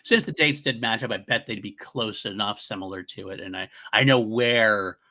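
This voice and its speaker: A man with a bright, forceful voice co-hosting a laid-back podcast. He talks in loose, rambling runs and laughs easily between points, recorded over a remote online studio link. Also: fairly low pitch, normal speed. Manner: chatty, laughs often, rambling asides. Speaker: podcast co-host. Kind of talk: casual podcast chat.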